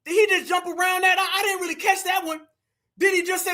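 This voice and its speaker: A man with a strikingly high, bright voice runs a live-stream breakdown. He talks to his viewers as family, full of slang and fervent, preachy outbursts. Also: little pitch movement, fast. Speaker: livestream commentator. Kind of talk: reactive live commentary.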